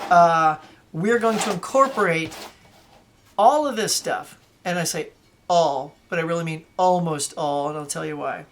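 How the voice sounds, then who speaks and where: A woman's voice: lowish voice, slight background noise. Chatty woman saying y'all. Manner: chatty, animated, says "y'all", wanders off topic. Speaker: collector vlogger. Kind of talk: casual show-and-tell vlog.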